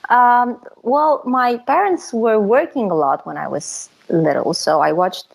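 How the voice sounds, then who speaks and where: A young woman from Romania, a photographer talking as a guest in a relaxed, chatty way, with fillers and easy laughs. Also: fairly high pitch, unhurried, creaky, rough recording. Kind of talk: casual interview chat.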